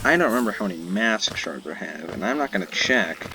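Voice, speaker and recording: A man's voice: fairly low pitch, sing-song, a little fast. A man giving playful let's play commentary, joking and scolding his in-game companion. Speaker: gamer commentator. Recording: loud game music behind voice. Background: video game music.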